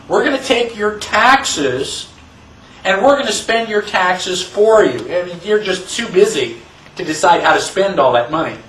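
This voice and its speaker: High-voiced man lecturing in an echoey room. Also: fairly bright tone, a little hiss or hum. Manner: emphatic, rhetorical questions. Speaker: constitution class lecturer. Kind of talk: classroom lecture. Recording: echoey room, mic far off.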